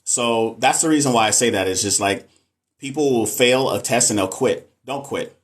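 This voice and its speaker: A man's voice: medium pitch, normal speed. A man with a Texas Southern accent hosts a casual livestream in a mid-range voice. He chats candidly, reads viewer comments aloud, and gives straight, unfussy advice. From American South. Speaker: nurse and livestream host.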